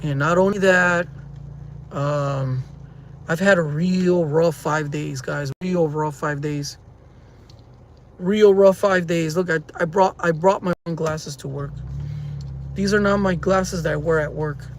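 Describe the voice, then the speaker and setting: A man's voice: fairly high pitch, a little slow. A man vlogging from his car in traffic, rambling and venting at his viewers, recorded on a phone on a dash mount. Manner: rambling, frustrated, talks to viewers as guys. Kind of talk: casual driving vlog. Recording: car interior with faint road hum.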